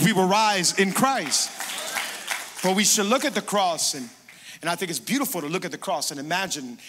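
A man pastor preaching a sermon, emphatic, moving between hushed passages and loud, rising declarations. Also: high-pitched, big-room sound.

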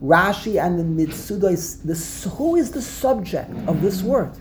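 A woman's voice: mid-range voice, big pitch swings, normal speed, noisy background. A woman teaching a Torah text class, explaining word by word, repeating herself and acting out the verses she quotes.

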